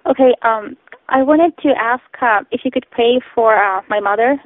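A woman's voice: on the high side, normal speed, no echo. A woman from Ukraine calling a prayer line, speaking hesitantly with many fillers. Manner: hesitant, many ums and uhs. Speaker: caller asking for prayer. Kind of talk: phone call to a prayer line. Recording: tinny phone line, dry.

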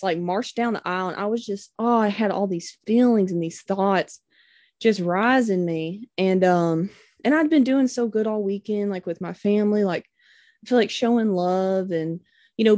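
A woman's voice: mid-range voice, a little mellow, dry recording. A young woman shares a personal testimony with her church group, wandering through the tale with plenty of "um" and "like." She acts out the quoted voices as she goes. The sound is dry and close. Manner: rambling storyteller, many fillers.

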